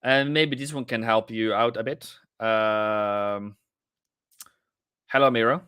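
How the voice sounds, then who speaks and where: Norwegian guy rambling on a live stream, slow and laid back, dry close sound. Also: fairly low pitch, smooth, dry recording. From Norway. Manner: relaxed, rambling, chatting with viewers. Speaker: live-stream trading host. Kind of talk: casual live-stream chat.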